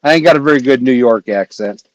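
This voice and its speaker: A man hosting a casual livestream, chatting in a rambling way with filler pauses. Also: mid-range voice, highs cut off. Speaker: livestream host.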